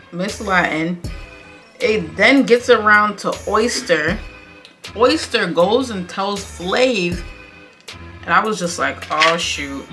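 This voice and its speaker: Young woman vlogger, sassy and blunt, crisp bright voice, faint music behind. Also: fairly low pitch. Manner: sassy, blunt, opinionated, uses slang. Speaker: commentary vlogger. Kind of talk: casual reality TV recap commentary.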